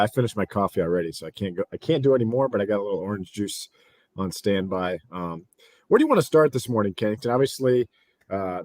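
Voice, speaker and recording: A man's voice: lowish voice, a little mellow, no echo. A man hosting a sports podcast in a loose, chatty way with plenty of fillers. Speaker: podcast host. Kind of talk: casual sports podcast chat.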